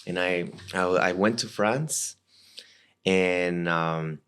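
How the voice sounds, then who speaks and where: A man in his thirties from Costa Rica with a Spanish accent, telling a personal story as an interview guest in halting, repetitive speech. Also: low voice, fairly bright tone, smooth. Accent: Costa Rican Spanish. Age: 30s. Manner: halting, repeats and restarts words often. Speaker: guest, former legionnaire.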